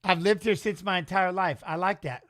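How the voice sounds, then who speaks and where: Casual fight commentary comes from this live watch-along host, whose voice is strikingly high and bright and whose pace is moderate. He jokes in an excitable, slangy style, responding to the fight and to his chat.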